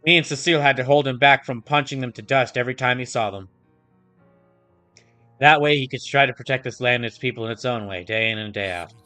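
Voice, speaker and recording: A man voicing a gruff, tough-guy older brother with an old-time gangster swagger, tagging his lines with a clipped "see?". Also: mid-range voice, fairly quick, bright, forceful tone, soft background music, natural voice. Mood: earnest. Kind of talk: voicing game dialogue aloud.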